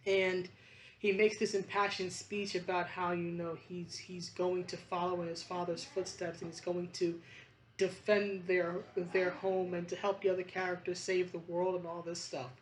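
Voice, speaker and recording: A woman's voice: on the low side, flat delivery, moderate pace, a little hiss or hum. A woman vlogger talking in a rambling, passionate monologue, emphatic and choked up, with restarts and fillers.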